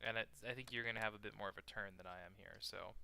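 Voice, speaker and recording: A man giving casual, rambling gameplay commentary, joking with his opponent and filling pauses with lots of "uh". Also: on the low side, steady tone, vocal fry, sharp tone, clear, resonant tone. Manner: rambling, joking banter with frequent fillers. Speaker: multiplayer strategy game player and co-host.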